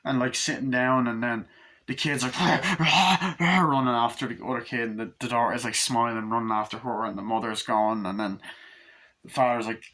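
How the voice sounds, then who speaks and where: A man talks through a movie review in a loose, rambling way, excitable and full of swearing. His voice is bright and forward. It sits at an ordinary middle pitch for a man. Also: fairly quick. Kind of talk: casual spoken movie review.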